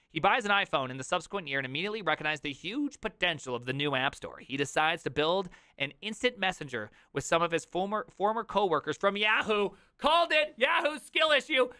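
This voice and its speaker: A man in his thirties reacting to an article on a live stream, reading aloud and riffing with jokey, loud outbursts. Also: on the high side, clear, resonant tone, no room sound, clean studio sound. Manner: animated, jokey, reads aloud then riffs with loud outbursts.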